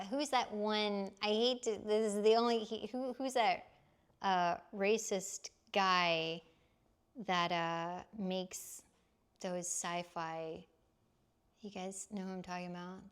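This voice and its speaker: A woman voice actor streams and chats casually with her viewers, rambling and laughing often. Her speech is full of fillers and restarts, loose and friendly. Her pitch sits in a plain middle range. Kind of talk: casual live stream chat.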